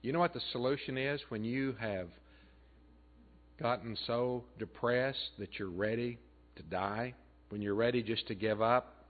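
A man preaching a sermon as pastor, earnest, building up loud and then dropping soft. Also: mid-range voice, a little slow. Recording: tinny phone-like band.

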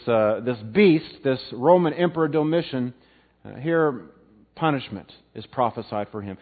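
Man teaching a Bible class over a tinny line. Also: on the high side. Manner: emphatic, swings from loud to quiet, repeats words. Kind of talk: evening Bible lesson to a live class. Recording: tinny phone-like sound.

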